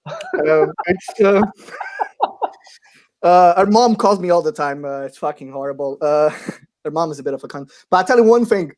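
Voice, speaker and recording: A man's voice: on the high side, animated, moderate pace, pauses often, darkish tone. Laughing, crude Portuguese comic man. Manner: crude, laughing storyteller with many fillers. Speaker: stand-up comedian. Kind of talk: stand-up set and banter.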